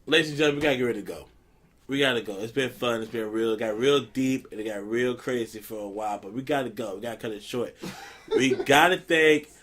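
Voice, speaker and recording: A man's voice: medium pitch, fast talker. A man hosting a casual podcast, telling a story with lots of laughter and loose slang. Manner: animated storyteller, laughs often. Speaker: podcast host.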